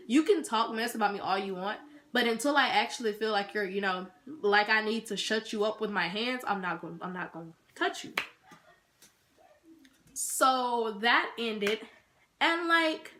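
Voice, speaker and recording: A teenage girl vlogging a story time with a bright, sharp voice set a little high. She tells it in an animated, slangy way, full of asides to her viewers.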